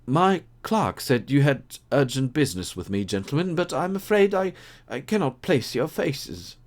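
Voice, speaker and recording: A man's voice: mid-range voice, very animated, normal speed, pitched above the performer's own voice, natural voice. A man reading an audiobook, voicing a haggard, frightened middle-aged businessman who stammers. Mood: shaken. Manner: hesitant, shaken.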